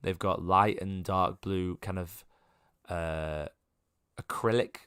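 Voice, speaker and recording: Low-pitched male game master, casual rambling narration, dry sound. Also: fairly even intonation, slow pace, fairly bright tone, clear, resonant tone, no room sound. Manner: rambling, full of ums and restarts.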